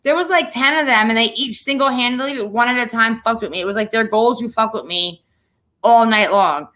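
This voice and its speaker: A woman's voice: a little high, fairly quick, fairly bright tone. A young woman hosting a casual chat, telling stories bluntly with plenty of swearing. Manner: profane, blunt storytelling. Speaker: podcast host.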